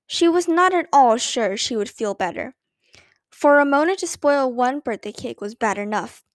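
Woman reading a kids' story aloud, high voice, dry close sound. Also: no room sound. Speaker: audiobook narrator. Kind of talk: storybook narration.

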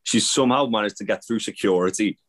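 A man's voice: on the low side, quick pace. A man co-hosting a casual podcast, rambling with lots of fillers and restarts. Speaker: podcast co-host. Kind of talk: casual wrestling chat.

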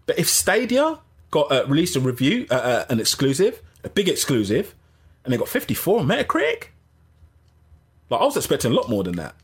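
A man hosting a casual gaming livestream, rambling and animated, often interrupting himself. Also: fairly high pitch, brisk, husky. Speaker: gaming channel host.

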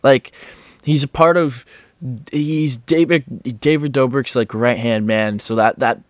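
A man's voice: medium pitch, fairly even intonation, measured pace, no room sound. A man hosting a casual podcast, rambling and swearing, with many restarts. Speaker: podcast host.

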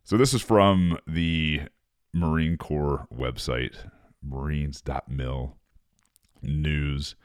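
A man's voice: a bass voice, steady tone, drawn-out words, no room sound, clean studio sound. A man, a former Marine, reading an article aloud and ranting over it in a profane, sarcastic casual monologue.

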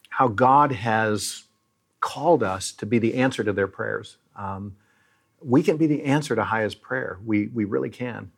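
Speaking in a lowish voice, a middle-aged leader of a Christian aid charity recounts touching stories during an interview. His delivery is sincere and sermon-like.

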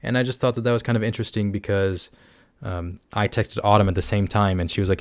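A man's voice: fairly low pitch, level tone, quick pace, dry recording, studio quality. A young man hosting a casual solo podcast, rambling and joking at his own expense, with lots of "like". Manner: rambling, self-mocking, lots of "like". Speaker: podcast host.

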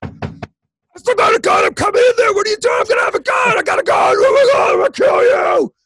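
A man putting on the voice of a gravelly, threatening ex-boyfriend who is shouting threats through a door, with a pitch much higher than his own. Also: brisk. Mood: threatening shouts. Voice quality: raspy, gravelly.

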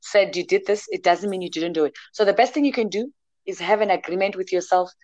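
A woman's voice: mid-range voice, quick pace, a little mellow, dry recording. A woman talking passionately and emphatically in a casual discussion, speaking as an advocate for emotional health. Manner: passionate and emphatic, mixes in local words.

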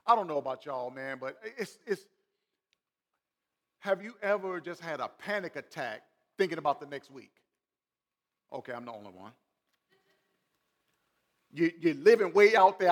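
A man's voice: fairly high pitch, animated, normal speed, pauses often. A man, a pastor, preaching a sermon. He swells and drops in volume and talks straight to the congregation with questions. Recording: long hall reverb.

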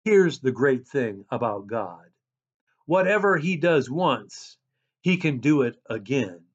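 A man preaching a sermon as a pastor, reading scripture and describing himself as a loud person. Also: medium pitch, very animated, takes it slowly, husky, dull audio.

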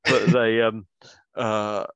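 Chatty, low-voiced man, dry sound. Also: little pitch movement, takes it slowly, fairly bright tone, clean tone, dry recording, lo-fi sound. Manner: chatty, jokey, trails off and restarts. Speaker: podcast co-host. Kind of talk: casual fan chat.

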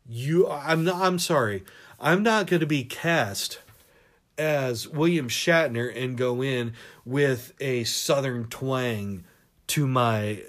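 A man hosting a podcast, ranting in a profane, animated monologue and laughing at his own jokes. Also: a little high. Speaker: podcast host.

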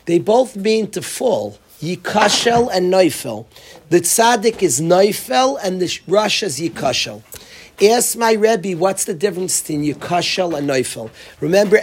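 A man with a somewhat high, husky voice leads an informal Torah class. He repeats his key phrases for emphasis and weaves Hebrew terms in among casual personal asides. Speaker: rabbi teaching a Torah class. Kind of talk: informal Torah lecture with stories.

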